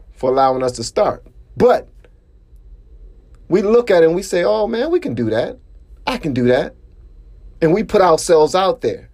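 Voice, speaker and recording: A man hosting his own podcast, telling a story in a casual monologue, animated and jumping up in pitch when he gets worked up. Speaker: podcast host.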